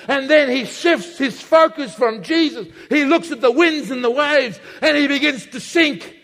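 A male preacher giving an emphatic sermon that swings between loud and hushed, heard in an echoey hall. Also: extremely high pitch, a little slow, few pauses. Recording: echoey hall with long reverb.

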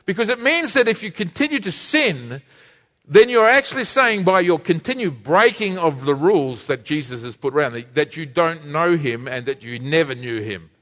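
A man preaching a sermon to his congregation, animated and engaging, calling on them to read along and repeat words. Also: a little high, normal speed, in a large hall. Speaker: pastor.

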